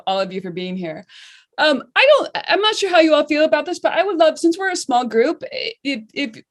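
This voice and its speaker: Chatty woman starting her art talk, voice a bit high, lots of restarts. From Western Massachusetts. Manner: warm, chatty, many restarts. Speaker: artist giving a talk. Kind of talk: casual talk over video call.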